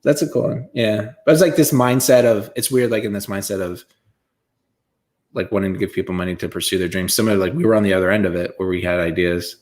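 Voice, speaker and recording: Low-voiced man rambling in casual chat. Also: fast talker, a little mellow. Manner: rambling, filler-heavy, laughs often. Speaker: podcast co-host.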